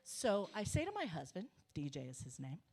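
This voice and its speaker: A middle-aged woman telling a comic story on a cafe stage, animated and emphatic, swearing for punch. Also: lowish voice, normal speed. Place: small cafe stage before an audience.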